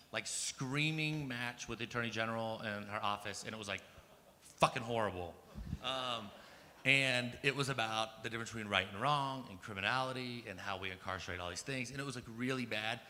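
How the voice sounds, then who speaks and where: A medium-pitched, bright, forceful voice belongs to an American man in his thirties telling a personal story at a conference, speaking fairly quickly. Casual and profane, he piles on "like" and "um" as his emphasis builds. The recording has slight background noise, faint ambience, and the long reverb of a big hall.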